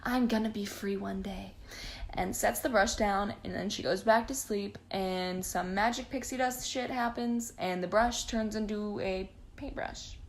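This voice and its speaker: A woman's voice: medium pitch, fairly even intonation, measured pace, hardly any pauses. A young woman recapping a movie casually, sarcastic, profane and rambling. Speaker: vlogger.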